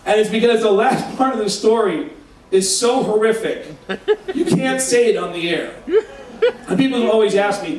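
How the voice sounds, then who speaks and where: Male stand-up comic, high voice, rowdy storyteller, distant roomy sound with faint noise. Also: normal speed. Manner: animated, profane storytelling. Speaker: stand-up comedian. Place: live show on a cruise ship. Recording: echoey hall from far off.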